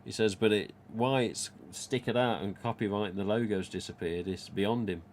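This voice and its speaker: A man chats loosely on a live stream, wandering from point to point and reading viewers' messages aloud. His voice sits a little low. A faint hiss of room noise runs under the recording. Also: steady tone, normal speed. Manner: chatty, rambling, reads viewer comments aloud. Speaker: live stream host, mask collector. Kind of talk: casual live stream chat.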